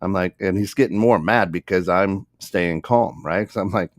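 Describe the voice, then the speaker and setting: A man with a low-pitched voice tells a funny story on a podcast, laughing often and slipping into the voices of the people in it. The studio sound is dry and close. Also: normal speed, dry recording. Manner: animated, laughing, acts out voices in anecdotes. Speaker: podcast co-host. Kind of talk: casual storytelling. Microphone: studio microphone.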